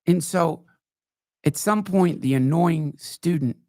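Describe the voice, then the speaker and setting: A man hosting a podcast, telling rambling, profane stories in a wry, casual way, now and then jumping into high mocking voices. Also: slow pace, a little mellow, no room sound, clean studio sound. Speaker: podcast host. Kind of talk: casual storytelling monologue. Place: live show.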